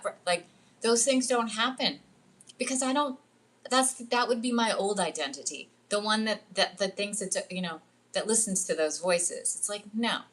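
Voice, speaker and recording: A woman's voice: medium pitch, normal speed, a bit bright. A middle-aged woman, a spiritual coach, talking casually on a livestream, chatty and acting out the voices she quotes. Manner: chatty, acts out quoted voices, says "like" often. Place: at home, jungle retreat.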